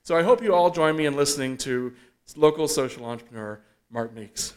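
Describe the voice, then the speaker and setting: A man's voice: a little high, brisk, slight background noise. Man reading a speaker introduction. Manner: reads with hesitant fillers. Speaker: event host introducing the speaker.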